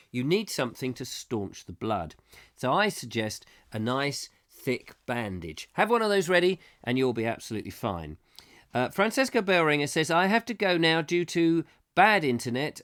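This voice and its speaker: A man's voice: medium pitch, a bit bright. English guy hosting a live chat show, got a cold, coughs a bit, voice bouncing all over the place, rambly and jokey. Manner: playful, rambling, slips into silly put-on accents. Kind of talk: live comic chat show, reading viewer comments.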